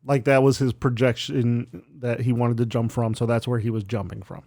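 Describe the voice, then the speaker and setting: Male podcast co-host, mid-pitched, dry close sound; blunt teasing banter with lots of swearing. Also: little pitch movement, normal speed, darkish tone, no echo. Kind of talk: casual chat.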